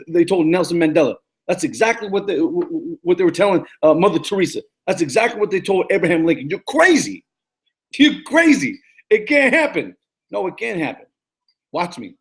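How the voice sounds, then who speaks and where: A man in his thirties, a life coach giving a casual, energetic motivational talk that repeats its points and often stumbles and restarts. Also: sits high, a little fast. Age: 30s. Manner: energetic, repetitive, preachy pep talk.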